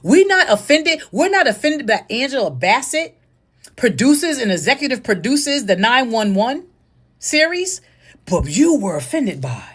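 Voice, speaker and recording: A woman's voice: sits high, sing-song, unhurried, husky. A woman making an argumentative point in a commentary clip played on a stream.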